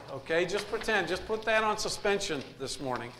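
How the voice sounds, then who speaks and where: A man's voice: high voice, animated, brisk, hardly any pauses, sharp tone. A man preaching a sermon in a folksy way, mixing jokes into his message to the congregation. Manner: folksy, jokes and laughs between points. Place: church sanctuary. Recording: echoey room, faint ambience.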